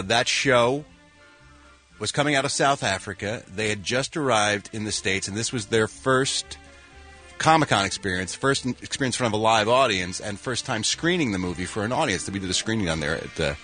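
Showbiz reporter, male, lowish bright voice, faint music behind. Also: moderate pace. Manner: storytelling, drawn out. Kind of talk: radio entertainment segment.

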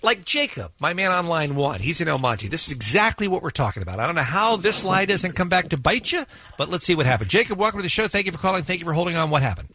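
Radio host, man, high lively voice with some breath, teasing tone, studio mic. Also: fast talker, husky. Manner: wry, teasing. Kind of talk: morning radio banter. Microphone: studio microphone.

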